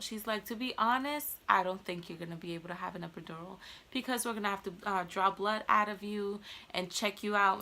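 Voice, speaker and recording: A young woman tells a personal story straight to her camera, chatty and candid. Her voice sits at a middling pitch with a bright, forward tone. She jumps into the voices of the people in her story as she goes. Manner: chatty, candid, animated, quotes others in her retelling. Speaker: vlogger. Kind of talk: casual storytelling vlog.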